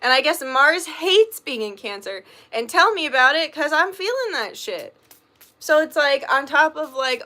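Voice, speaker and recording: A woman's voice: fairly high pitch, bright, forceful tone. A young woman talking straight to camera in a casual vlog, rambling and swearing freely with lots of fillers. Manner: rambling, profane, filler-heavy talk. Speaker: vlogger and small business owner. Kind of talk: candid casual vlog monologue.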